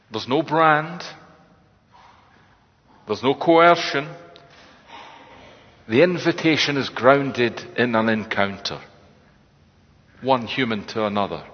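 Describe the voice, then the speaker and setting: A man delivers a sermon in a thoughtful, conversational manner and lowers his voice for quoted words. His tone is slightly husky, and the sound carries a long reverb of a large hall. The recording itself is dull and lo-fi. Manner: reflective, conversational preaching with quoted lines. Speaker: preacher.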